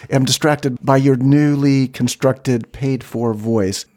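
A man's voice: mid-range voice, fairly even intonation, slow, darkish tone. Dry, mock-serious man podcast co-host. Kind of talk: comedic improvised podcast banter.

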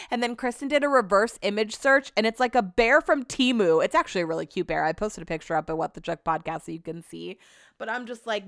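Brief: woman solo podcast host, smooth clear voice, dry close sound, loose, chatty and profane. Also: medium pitch, a little fast, fairly bright tone, dry recording. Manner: rambling, chatty, swears freely. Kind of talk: casual solo podcast chat.

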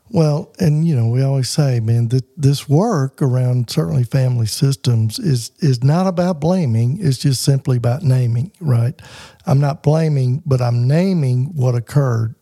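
Middle-aged man with a husky, mellow voice. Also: mid-range voice, dry recording, clean studio sound. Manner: earnest, teaching tone with frequent restarts and laughs. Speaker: podcast co-host. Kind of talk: casual conversation on a faith-based podcast.

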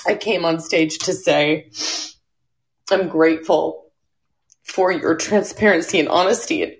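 A woman's voice: on the low side, fairly even intonation. Tearful woman speaking earnestly on stage. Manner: earnest, apologetic, halting. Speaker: audience member speaking on stage. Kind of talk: emotional public remarks. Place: live stage event.

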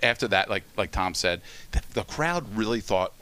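A man with a low voice and a bright, forceful edge to it tells a funny story. He laughs as he talks, fills his sentences with "uh" and "you know", and keeps checking that his listeners follow. The mood stays light and chatty. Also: lively intonation, normal speed, smooth. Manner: laughing, filler-heavy, often asks "you know what I mean". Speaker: former ballpark entertainer. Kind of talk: casual storytelling.

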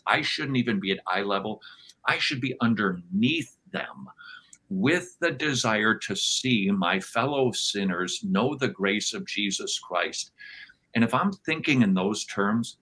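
A man with a lowish voice and a bright, forceful edge talks as a podcast guest. He teaches with a sermon-like drive, piling up emphatic phrases and slipping into little acted-out voices when he quotes people. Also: poor audio. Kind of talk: conversational interview, sermon-like teaching.

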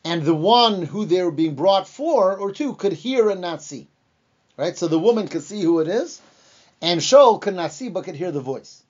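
A Torah teacher with a high yet darkish-toned voice gives an energetic Bible lesson, acting out the quoted lines as he tells the story. He pauses occasionally with fillers and restarts, and the recording sounds dull and lo-fi.

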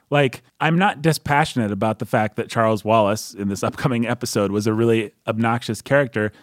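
A man's voice: mid-range voice, dry recording, studio quality. A man hosting a book podcast, chatting casually in a playful, joking way. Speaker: podcast host. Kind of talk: casual chat.

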